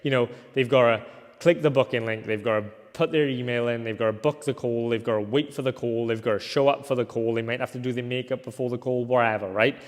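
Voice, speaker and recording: A young man from Wales teaching a recorded course lecture in a casual way, often tagging points with a quick question and filling pauses as he thinks. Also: mid-range voice, steady tone. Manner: casual, ends points with a tag question, thinks aloud with fillers. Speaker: agency coach. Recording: long hall reverb.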